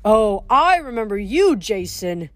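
A woman's voice: fairly high pitch, expressive, moderate pace, dry recording, lightly acted. A woman doing a fussy, scolding statue god. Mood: indignant. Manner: scolding, indignant.

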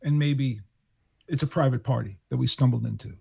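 A man in his sixties from New York, a guest musician telling animated stories and acting out the people he quotes. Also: medium pitch, brisk, vocal fry, husky. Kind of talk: storytelling interview.

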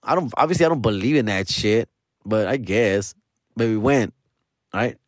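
A man, hosting a podcast and telling a story in a casual, animated way, full of slang and swearing and dropping into Spanish. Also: fairly low pitch, moderate pace, no echo, clean studio sound. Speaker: podcast host.

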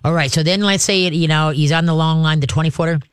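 A man training an owner in dog recall, talking casually and breaking into high, excited calls as he shows how to call the dog. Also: fast talker, smooth, dry recording, clean studio sound. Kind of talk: casual hands-on instruction.

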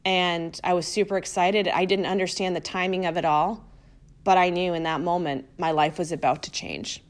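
A woman's voice: on the low side, steady tone, moderate pace. A woman hosting her own podcast, telling a personal story in a casual, chatty way full of fillers. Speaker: podcast host.

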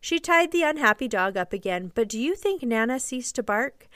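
Storyteller: woman, fairly high, smooth clear voice, expressive audiobook reading. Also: no room sound, studio quality. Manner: expressive, measured storybook narration. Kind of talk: reading a classic novel aloud.

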